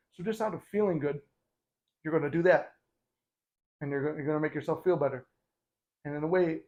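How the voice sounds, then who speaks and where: Casual mellow-voiced man talking straight. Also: on the high side, muffled recording. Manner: conversational, blunt, swears casually. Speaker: host. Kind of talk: casual motivational talk.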